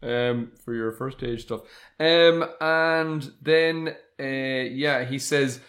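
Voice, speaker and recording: A man co-hosting a podcast, recapping a TV episode in casual chat and acting out quoted lines as he goes. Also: medium pitch. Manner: animated retelling with quick quoted asides. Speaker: podcast co-host.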